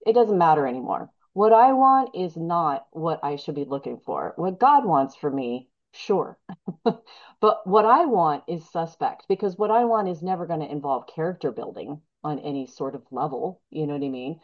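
A middle-aged woman shares her recovery story in a candid, rambling way, full of asides and self-deprecating turns. Her voice sits on the low side. The recording sounds dull and lo-fi. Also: expressive, normal speed. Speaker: speaker sharing at a recovery meeting.

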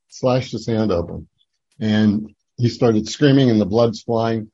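An older man from New Jersey giving a personal testimony at a recovery meeting, rambling and halting with many fillers and restarts. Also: fairly low pitch, dark tone, no room sound, dull audio. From Atlantic City, New Jersey.

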